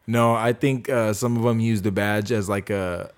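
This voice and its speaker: A man's voice: fairly low pitch, fairly even intonation, normal speed. A man co-hosting a casual podcast, swearing freely and laughing while he tells stories. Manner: profane, laughing, acts out quotes. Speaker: podcast co-host. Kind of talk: casual chat.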